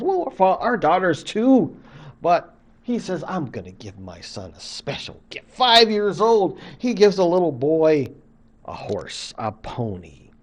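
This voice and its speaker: An older man, a college professor, telling a traditional story in a folksy, conversational way, acting out the scenes. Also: sits high. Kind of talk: traditional story told to camera.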